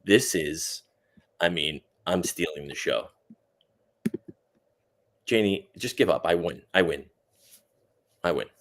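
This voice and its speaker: A man with a very low, deep voice trades boastful jokes in casual livestream chat. His talk is loose and excitable. A faint hiss of noise sits behind him. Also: slow pace, pauses often. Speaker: guest.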